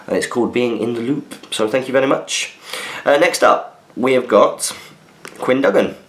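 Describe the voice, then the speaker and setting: A man's voice: mid-range voice, expressive, moderate pace. A man hosting a podcast, chatting casually as he reads out listener messages and answers them with asides. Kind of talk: casual chat. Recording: roomy echo.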